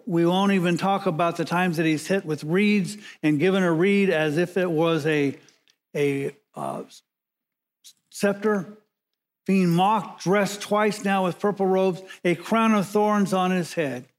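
A man preaching a sermon as pastor, measured and emphatic, slowing down and pausing to stress key words. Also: high voice.

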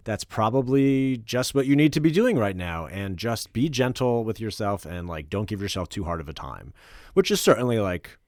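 A man hosting a podcast in casual chat, relaxed and joking, with many fillers and restarts. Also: on the low side, normal speed, dry recording, clean studio sound. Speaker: podcast host.

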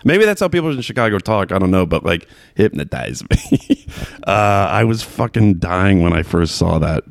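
A man's voice: on the low side, expressive, moderate pace, gravelly, slight background noise. A man hosting a podcast in a rambling, casual chat, laughing often and swearing freely.

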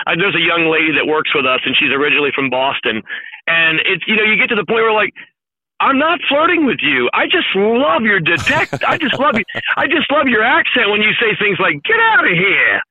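A man's voice: high-pitched, no echo. A man who is a sports broadcaster, chatting casually on a call-in radio show and slipping into playful voice impressions. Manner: animated, breaks into playful voice impressions. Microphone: phone call. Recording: dull phone-line sound.

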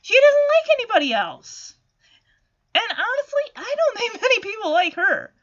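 A chatty, animated woman recaps a cartoon in a casual talk. Her voice is high and bright, and her pitch swings a lot. The recording sounds a bit dull and lo-fi. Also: normal speed. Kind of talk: casual chat.

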